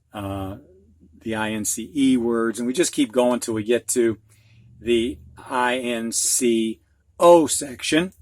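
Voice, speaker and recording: Middle-aged guy teaching reading, talks real slow and patient, dry sound. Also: mid-range voice, no room sound. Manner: patient, spells out letters step by step. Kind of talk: instructional video lesson.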